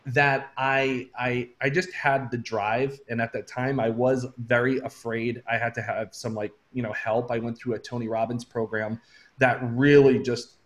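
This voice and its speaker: Brief: middle-aged male guest, animated storyteller, casual and talkative. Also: medium pitch, moderate pace. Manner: animated, laughs often, says "man" a lot. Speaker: real estate investor and consultant, guest.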